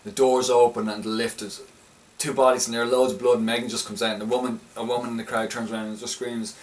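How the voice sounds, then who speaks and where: A man's voice: medium pitch, little pitch movement, fast talker. A young man casually recapping a film he liked, rambling and often restarting his sentences with enthusiasm. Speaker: film reviewer. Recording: slightly distant mic, faint background noise.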